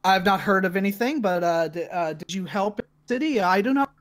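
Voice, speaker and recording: Brief: a man playing a curt, wounded older governor, slightly high voice, full of filler sounds. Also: lively intonation. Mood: grateful. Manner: halting with many filler sounds. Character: older male governor, burned and wounded, brisk. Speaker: game master voicing a character. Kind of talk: tabletop role-play voicing.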